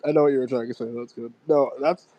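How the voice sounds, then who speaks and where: A man's voice: mid-range voice, fairly even intonation, fast, dull audio, crowd noise. A young man hosting a casual livestream, rambling with lots of fillers and slang. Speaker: livestream host. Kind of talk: casual chat.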